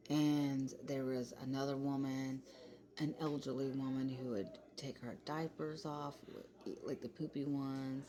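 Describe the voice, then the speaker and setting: A young woman, chatting casually in commentary and laughing often as she talks. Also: rumbling low. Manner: chatty, laughs often, Southern-style "y'all". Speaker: commentary vlogger.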